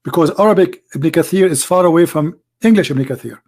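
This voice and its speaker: A hoarse man hosting a livestream on religion, speaking emphatically in broken English and firing off rhetorical questions. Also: fairly high pitch, fairly quick, hardly any pauses, darkish tone. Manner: emphatic, rhetorical questions, non-native grammar. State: hoarse, voice nearly gone. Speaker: livestream debate host. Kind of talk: live-streamed religious polemic.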